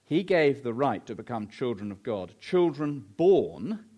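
A man's voice: mid-range voice, lively intonation, normal speed, darkish tone, muffled recording. A middle-aged man delivers a sermon. He preaches emphatically, asking rhetorical questions, and his mid-range voice swings up and down as he stresses his points.

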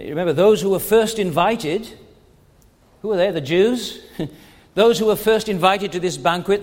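A man with a high voice preaches an earnest sermon in a big-sounding room. He asks rhetorical questions and often stammers and restarts his phrases.

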